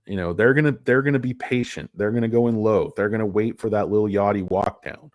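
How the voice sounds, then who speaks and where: A man's voice: lowish voice, fast, dry recording. A man giving casual, rambling stock commentary, jokey and self-deprecating. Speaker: stock market vlogger.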